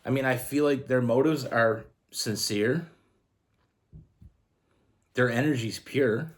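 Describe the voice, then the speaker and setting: A man's voice: mid-range voice, slow. Earnest Canadian man reading tarot. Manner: earnest, rambling, restarts often. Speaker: tarot reader.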